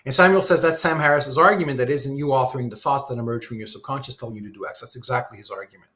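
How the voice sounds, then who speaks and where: A man's voice: mid-range voice, racing, a bit bright. A man giving a live online philosophy lecture, thinking aloud with lots of rhetorical questions while he sketches diagrams.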